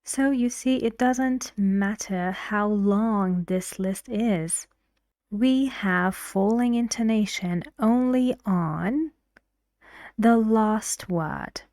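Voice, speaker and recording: Woman teacher, slow, measured, dry close sound, breathy asides. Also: medium pitch, no room sound. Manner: slow, deliberate explanations with frequent soft, half-whispered phrases. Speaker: English teacher. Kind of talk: explaining pronunciation in a language lesson.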